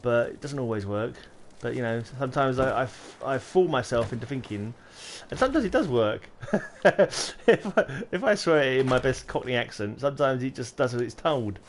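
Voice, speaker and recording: A man's voice: mid-range voice, expressive, normal speed, hardly any pauses, a little hiss or hum. A man, chatting casually on a game livestream and muttering to himself while he builds. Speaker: game streamer.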